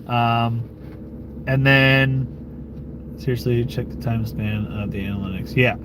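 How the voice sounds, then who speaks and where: The voice is a man's, mid-range and slow, with noisy surroundings. He's an American hosting his own channel, loosely chatting with viewers on a live stream in a laid-back, rambling way, with frequent fillers, swearing and chuckles.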